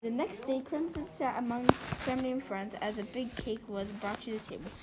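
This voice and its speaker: A woman's voice: on the high side, moderate pace, heavy background noise. Woman reading a children's story aloud. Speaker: storybook reader.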